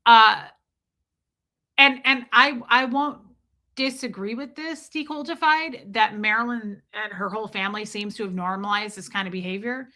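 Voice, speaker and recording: A woman's voice: fairly high pitch, normal speed, sharp tone. A middle-aged American woman hosting a live stream, talking bluntly and profanely while reading viewers' chat messages. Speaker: livestream host. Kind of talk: live-stream commentary, reading super chats.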